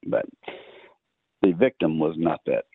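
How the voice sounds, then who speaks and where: A man's voice: rumbling low, lively intonation, unhurried, creaky, husky, dry recording. A man with a Texan accent telling a long poker story as a podcast guest, rambling with many uhs and ums. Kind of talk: casual storytelling. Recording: dry, tinny phone-line sound.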